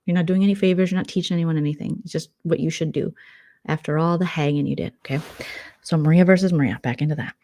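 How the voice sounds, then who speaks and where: A young adult woman vlogger doing casual late-night commentary, retelling drama in a gossipy, sarcastic, animated way. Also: deep voice, quick pace.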